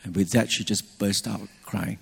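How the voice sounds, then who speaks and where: A middle-aged pastor delivers a sermon in a husky, slightly breathy, fairly low voice at normal speed. He shares a personal anecdote animatedly, restarting phrases as he goes. A long echo carries his words through a large church hall.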